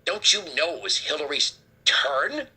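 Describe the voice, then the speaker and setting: A man hosting a political talk show, delivering a heated, sarcastic commentary rant with a husky edge. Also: on the high side, sing-song, a little slow, sharp tone.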